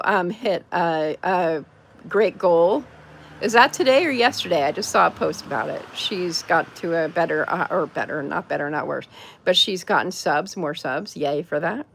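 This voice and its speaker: A woman's voice: fairly low pitch, expressive, moderate pace, vocal fry, a bit bright, dry recording. Chatty middle-aged woman hosting a livestream. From California. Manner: chatty, laughs often, greets and reads out viewer comments. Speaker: host. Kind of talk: casual livestream chat.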